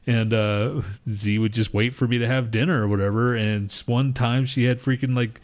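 A man's voice: medium pitch, normal speed. A man co-hosting a podcast, swearing and laughing through casual banter. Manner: laughing, swearing, lively teasing. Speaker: podcast co-host.

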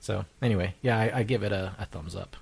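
A man's voice: fairly low pitch, fast talker, creaky, a little mellow, slightly rough. A man co-hosting a podcast, rambling casually with fillers and crude jokes. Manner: rambling, laughing, uses fillers. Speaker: podcast co-host.

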